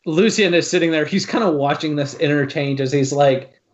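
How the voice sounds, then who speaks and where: A man's voice: fairly high pitch, a little fast, dull audio. A man narrating as game master in a tabletop game, hesitant with lots of fillers.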